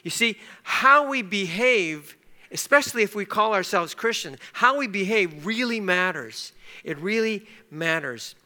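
A man's voice: high-pitched, expressive, a little slow, sharp tone. A middle-aged man preaching a sermon, telling a personal story in a conversational way, with fillers and restarts. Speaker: pastor.

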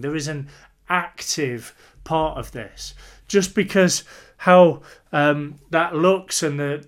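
Male preacher, earnest and emphatic, slightly high-pitched voice. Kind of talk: sermon.

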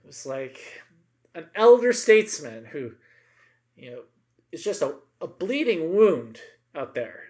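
A man's voice: fairly high pitch, very animated, slow, pauses often, a little mellow. A middle-aged man co-hosting a podcast, chatting casually and emphatically about politics, with many asides and tag questions.

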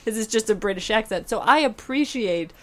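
A woman's voice: a little high, animated, brisk, a bit bright. Wry, opinionated woman in casual chat. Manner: wry, opinionated, laughing asides. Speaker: podcast co-host.

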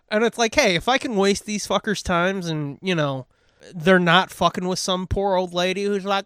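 A man's voice: high voice, a little slow, a bit bright, smooth, no room sound. A man hosting a podcast, telling stories in a profane, laughing casual chat. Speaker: podcast host.

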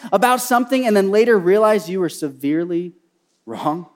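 Male pastor, high voice, animated sermon storytelling, loud then hushed. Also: fairly quick. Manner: animated storytelling, swings between loud and soft.

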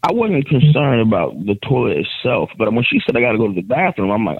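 A man chatting casually as a guest, telling stories with lively acted-out quotes of other people. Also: lowish voice, fast, husky, no room sound, narrow, tinny audio. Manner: animated storyteller acting out other people's lines. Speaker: guest, adoptive father. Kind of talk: casual podcast chat.

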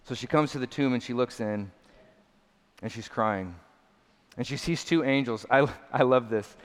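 A man's voice: mid-range voice, normal speed. A man preaching a sermon as a pastor, earnest and emphatic, often repeating phrases. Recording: long hall reverb.

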